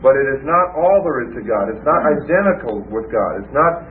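A man's voice: mid-range voice, lively intonation, brisk, a little hiss or hum. Man teaching scripture over tinny radio. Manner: explanatory, repeats phrases, many restarts. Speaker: preacher. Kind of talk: Bible teaching sermon.

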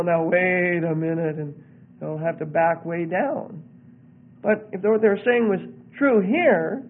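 A man's voice: high voice, breathy edge. A man preaching to a Bible study group, firing off one rhetorical question after another. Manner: fervent stream of rhetorical questions. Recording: tinny phone-like lo-fi recording.

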